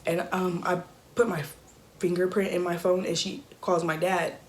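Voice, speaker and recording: A young woman telling an emotional personal story in a halting, soft-spoken way with many fillers. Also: fairly low pitch, level tone. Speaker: YouTuber.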